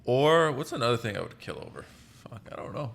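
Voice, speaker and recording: A man's voice: mid-range voice, sing-song, quick pace, vocal fry, fairly bright tone. A young man, co-hosting a casual podcast and asking blunt, offhand questions. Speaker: podcast co-host. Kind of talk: casual chat.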